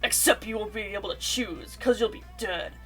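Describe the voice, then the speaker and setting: A woman voicing a blustering, goofy male slasher in a hockey mask, reading a visual novel aloud in a loud, shouting delivery. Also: mid-range voice, normal speed, soft background music, voice pushed down, natural voice.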